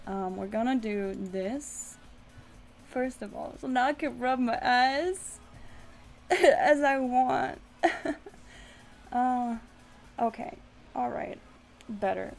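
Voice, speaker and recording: Woman, streamer, slow-paced, gravelly fry, reads game text aloud between casual viewer chat. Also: on the high side, expressive, faint music behind. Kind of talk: live-stream chat while reading a text adventure aloud.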